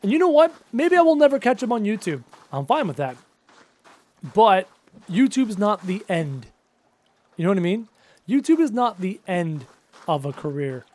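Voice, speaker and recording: A man's voice: sits high, very animated, moderate pace, pauses often, darkish tone. A man around thirty chatting casually and upbeat with viewers on a live gaming stream. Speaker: gaming livestreamer. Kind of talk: casual live-stream chat while playing.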